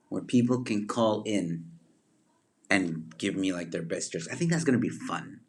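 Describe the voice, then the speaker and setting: A man's voice: fairly low pitch, a little mellow. A man hosting a casual livestream, greeting viewers by name and rambling with many fillers and restarts. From Zimbabwe. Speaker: livestream host. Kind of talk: casual livestream chat reading viewer comments.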